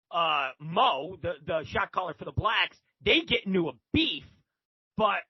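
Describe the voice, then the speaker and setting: A man's voice: high-pitched, husky, no echo, lo-fi sound. A man as a podcast guest, telling rambling, profane stories with many restarts. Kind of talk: casual storytelling.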